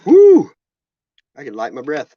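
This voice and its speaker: A man's voice: medium pitch, a little fast, no echo. A man hosting a casual chat over drinks, rambling and laid-back with profane talk. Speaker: host. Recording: dull lo-fi sound.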